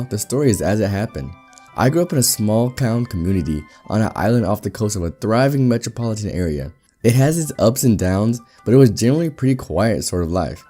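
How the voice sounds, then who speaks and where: A man narrating a reddit story aloud in a brisk storytelling manner. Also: fairly low pitch, mellow. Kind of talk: reading reddit stories aloud.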